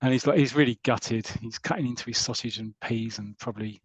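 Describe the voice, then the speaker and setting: A man's voice: mid-range voice, brisk, husky, dry recording, muffled recording. Man retelling a comic story. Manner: retells a story with quoted voices and laughs. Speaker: podcast co-host. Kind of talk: casual chat.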